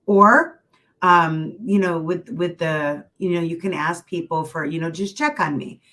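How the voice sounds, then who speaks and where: Low-voiced woman giving a chatty motivational talk. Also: fairly even intonation, unhurried, sharp tone, rough recording. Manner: chatty and encouraging, with many asides and filler phrases. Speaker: keynote mindset speaker. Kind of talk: casual motivational talk to an online audience.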